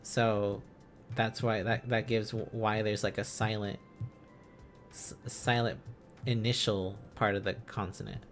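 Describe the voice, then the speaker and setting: A man's voice: lowish voice, level tone, unhurried, soft background music. A man streaming casually, thinking aloud as he learns, sounding out syllables and chuckling often.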